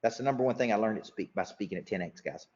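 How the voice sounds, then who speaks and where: Energetic coach pitching in a hall. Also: male voice, very fast. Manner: energetic sales pitch, rising when excited. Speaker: business coach. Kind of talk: live seminar talk. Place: large event room. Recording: dull reverberant hall recording.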